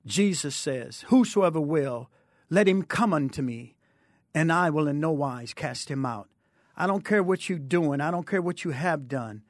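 A male preacher giving an impassioned testimony and altar call, swinging between low and high tones. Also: unhurried, no room sound, clean studio sound.

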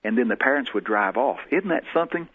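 A man's voice: medium pitch, expressive, fast talker, husky. A man, a guest in an interview, telling personal stories in a folksy way and acting out the voices he quotes. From Texas. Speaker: guest prophet. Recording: tinny phone-like lo-fi sound.

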